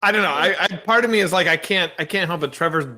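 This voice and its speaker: A man appearing as a guest filmmaker on a podcast, chatting enthusiastically and repeating words when excited. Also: high voice, fast talker. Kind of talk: casual interview chat.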